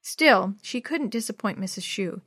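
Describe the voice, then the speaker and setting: A woman narrating a children's chapter book in a clear, steady storytelling voice. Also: mid-range voice, normal speed, no room sound, clean studio sound.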